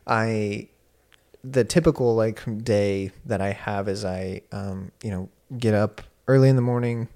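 A young man who teaches at a university, telling a personal story in casual conversation, animated and full of fillers. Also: fairly low pitch, a little slow. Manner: animated, many fillers, laughs while telling. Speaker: university instructor and guest.

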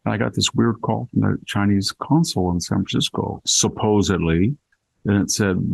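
An older man, a guest in a casual conversation, tells a rambling, wry story. His voice sits low and gravelly, and the sound is close and dry. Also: moderate pace, darkish tone, dry recording.

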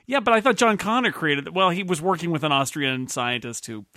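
A man's voice: on the high side, expressive, moderate pace, sharp tone, dry recording, clean studio sound. A man hosting a casual panel chat, joking, laughing often and calling on the others to pick. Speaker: host.

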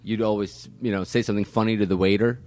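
A man's voice: fairly low pitch, fairly even intonation, fast talker, darkish tone, dry recording. A man co-hosting a comedy podcast, asking curious questions and adding teasing remarks. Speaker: podcast co-host. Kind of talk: casual comedic chat.

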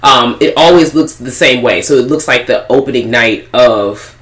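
This is a podcast co-host breaking down a horror film in slangy, emphatic chat. The voice sits at a medium pitch. The recording has a noticeably echoey, roomy sound. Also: moderate pace, a bit bright. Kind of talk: casual movie recap chat. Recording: echoey room.

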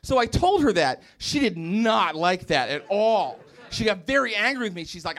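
A young man from West Virginia doing a stand-up comedy set on a club stage, animated and self-mocking, slipping into exaggerated voices. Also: sits high, normal speed, hardly any pauses.

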